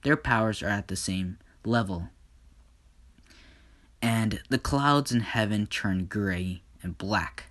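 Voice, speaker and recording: Man telling a fan story slowly, casual and rambling, unhurried. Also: on the low side, a bit bright. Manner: slow, casual, with many "and just". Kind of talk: improvised fan story narration.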